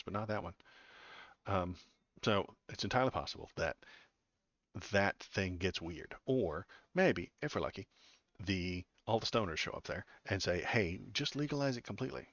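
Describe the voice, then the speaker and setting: A man's voice: sits low, a bit bright, no room sound. A man hosting a political livestream, reading news aloud and answering it with sarcastic, rambling commentary full of fillers and restarts. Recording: dull lo-fi, dry.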